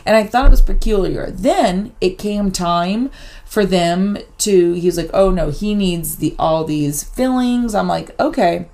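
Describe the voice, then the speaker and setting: A middle-aged woman co-hosting a podcast, telling a personal story in a casual, animated way and acting out the back-and-forth. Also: medium pitch, a little slow. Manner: animated storyteller, acts out quoted exchanges. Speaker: podcast co-host.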